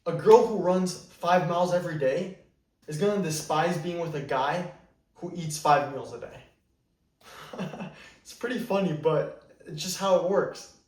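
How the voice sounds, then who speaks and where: A man's voice: on the high side, a little slow. A man giving dating advice as a coach in a blunt, emphatic monologue. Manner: blunt, emphatic, repeats "you better". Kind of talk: direct-to-camera advice monologue. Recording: roomy echo, mic at a distance.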